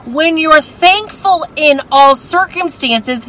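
A woman's voice: a little high, lively intonation, takes it slowly, bright, forceful tone, slight background noise, poor audio. A woman teaching a women's Bible study, passionate and exclamatory.

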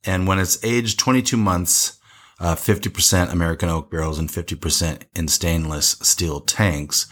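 A man's voice: sits low, fairly even intonation, normal speed, a bit bright. A man co-hosting a casual wine tasting show, chatty and rambling, laughing often.

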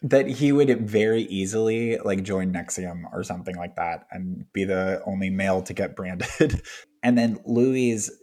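A man co-hosting a podcast in casual film chat. His voice sits fairly low, and his delivery is wry and profane, with easy laughter. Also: unhurried, a little mellow. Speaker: podcast co-host.

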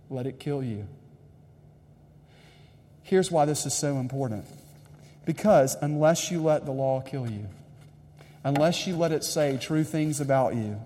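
A man's voice: medium pitch, warm tone, slight background noise. A man preaching a sermon, emphatic and direct, repeating his key lines to the congregation. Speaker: pastor. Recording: long hall reverb.

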